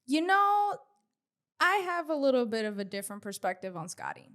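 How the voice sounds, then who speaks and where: A woman's voice: high voice, very animated, normal speed, fairly bright tone. A woman co-hosting a casual gossip podcast, opinionated and profane, sometimes mocking other people's voices. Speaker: podcast co-host.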